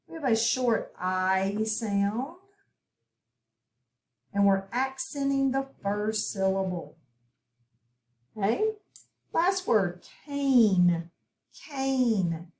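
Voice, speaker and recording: Slow-talking woman teacher in an echoey room. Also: medium pitch, animated, a little mellow. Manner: slow, clear teacher voice, spelling out sounds. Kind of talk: phonics lesson.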